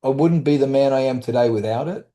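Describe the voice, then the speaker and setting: A middle-aged man, a guest, candidly telling personal stories in conversation, halting and restarting as he goes. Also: medium pitch, mellow. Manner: halting, with restarts and brief quoted voices. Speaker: guest, author and trauma survivor.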